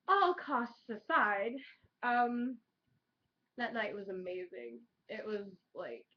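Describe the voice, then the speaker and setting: A young woman vlogging in casual chat, excitable and chatty, peppering her talk with "like" and swearing. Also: mid-range voice. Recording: dull lo-fi webcam audio.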